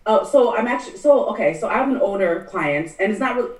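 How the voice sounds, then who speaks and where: Quick blunt matchmaker lady, kinda echoey and set back from the mic. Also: mid-range voice, animated, far from the mic. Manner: candid, blunt, acts out clients in quick asides. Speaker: matchmaker guest. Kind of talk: casual podcast interview.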